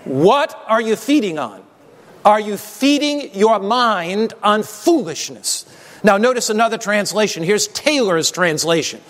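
A man's voice: high-pitched, very animated, measured pace, a bit bright. A man preaching a sermon, emphatic and prompting the congregation to call back answers. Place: church sanctuary. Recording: long hall reverb.

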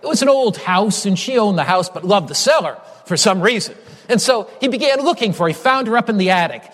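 High-voiced male preacher in a reverberant hall. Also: lively intonation, fairly quick, fairly bright tone. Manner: emphatic, repetitive preaching cadence. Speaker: pastor. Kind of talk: sermon.

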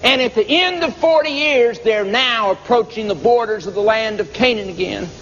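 A preacher telling a Bible story in an emphatic, repetitive sermon style. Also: male voice, high-pitched, normal speed, fairly bright tone. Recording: dull lo-fi tape with long reverb.

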